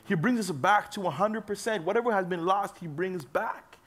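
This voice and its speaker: Animated young man preaching casually. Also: normal speed. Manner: casual, conversational preaching with frequent fillers; animated, swinging between loud emphasis and soft low asides. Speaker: youth pastor. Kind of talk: sermon.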